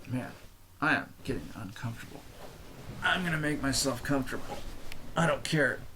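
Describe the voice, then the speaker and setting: Man, podcast host, unscripted solo monologue, rambling, swears a lot, mid-pitched. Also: lively intonation, normal speed, background noise. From United States. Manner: rambling, profane, laughing at himself.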